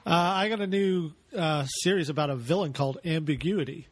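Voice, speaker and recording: A man trades dry jokes in casual podcast chat. His voice sits a little high. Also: fairly quick. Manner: dry, joking. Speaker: podcast co-host.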